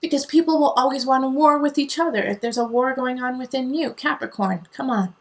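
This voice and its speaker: Here a tarot reader, an adult woman with kids, talks briskly in a high voice. The reading is casual and earnest, full of digressions, and she balances encouragement against tough love.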